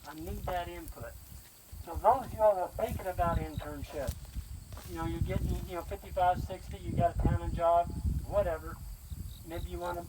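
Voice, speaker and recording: Out on a farm pasture, a farmer running a grazing school teaches a group in a folksy, plain-spoken storytelling style. His voice is high, fairly even in intonation, and fairly quick. Loud outdoor noise surrounds him, and the mic sits far away.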